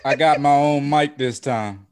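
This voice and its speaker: Man, podcast guest, mid-pitched, playful boastful banter. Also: normal speed, darkish tone, clean tone. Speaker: podcast guest, executive producer. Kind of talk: casual podcast chat.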